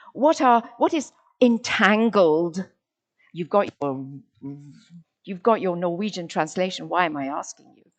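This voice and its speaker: A woman giving a lecture, stressing the rhythm of words and asking her listeners rhetorical questions. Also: mid-range voice. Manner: expressive, sounding out rhythm of words. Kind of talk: lecture with dramatic read-aloud passages.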